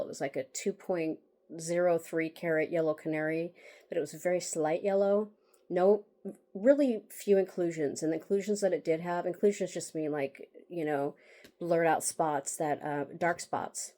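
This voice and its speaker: A woman's voice: low voice, normal speed, mellow. Bitter woman venting in a vlog. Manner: bitter, emotional, with wry laughs and sighs; rambling with restarts and fillers. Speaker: author talking about her book. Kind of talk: candid personal vlog monologue.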